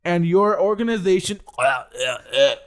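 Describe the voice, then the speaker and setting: A man's voice: sits high, animated, normal speed, voice pushed up. A man putting on a groveling, stammering football player begging forgiveness. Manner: simpering, stammering mockery.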